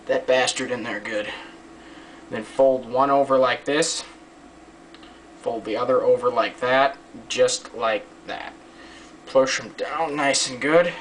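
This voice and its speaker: A man making a how-to video gives a casual hands-on tutorial, rambling, joking, and swearing a lot. His voice is mid-range and a bit bright, picked up by a distant mic with faint background hiss.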